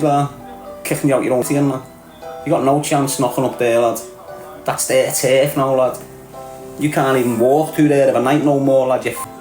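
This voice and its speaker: A man's voice: medium pitch, darkish tone. A middle-aged man with a thick Scouse accent rants on his livestream, trading streetwise, mocking banter and laughing often. His voice sits mid-range and bounces around a roomy space. Faint music plays underneath. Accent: Scouse (Liverpool). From Liverpool area, England. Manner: mocking, streetwise banter, frequent laughter, calls everyone "lad". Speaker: livestream host. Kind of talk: casual livestream rant.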